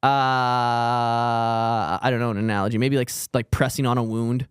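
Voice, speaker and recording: A man's voice: medium pitch, level tone, measured pace, clean tone, no echo, clean studio sound. A man co-hosting a comedy podcast, rambling and trailing off in casual banter. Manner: rambling, trails off, laughs often.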